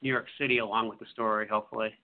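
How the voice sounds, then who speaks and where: A man, an author, talking about his book in a halting way with many fillers. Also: fairly low pitch, fairly even intonation. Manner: halting, full of fillers and restarts. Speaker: author being interviewed. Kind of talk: casual radio interview. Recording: phone-like line.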